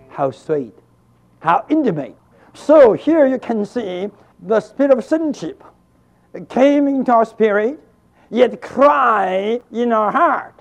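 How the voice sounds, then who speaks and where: An older man preaching a sermon with feeling, swinging between hushed, tender tones and loud, fervent cries. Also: sits high, big pitch swings, slow. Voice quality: gravelly. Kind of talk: emotional sermon.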